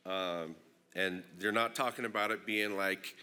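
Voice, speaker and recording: A man from Northern California, congested with a plugged-up nose, giving an unhurried, reflective opening talk at a conference with many ums. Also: sits low, bright, forceful tone, clean tone. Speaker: invited opening speaker. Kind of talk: personal address at a conference plenary.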